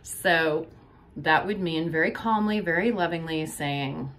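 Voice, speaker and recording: A woman therapist giving calm, measured parenting advice to camera. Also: low voice, slight background noise.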